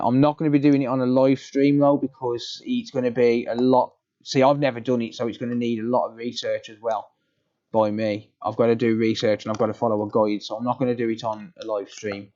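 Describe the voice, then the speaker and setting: A man's voice: mid-range voice, mellow, dull audio. A man chatting casually on a live repair stream, explaining steps matter-of-factly with frequent ums. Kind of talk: casual live-stream chat answering viewers.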